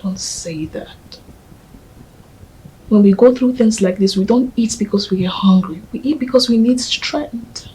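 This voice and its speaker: An actress playing a gentle young woman who tenderly coaxes her grieving partner, often speaking in a hush. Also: medium pitch, a little slow, long pauses, slightly rough, rough recording. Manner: tender and coaxing, often hushed. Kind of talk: film drama acting.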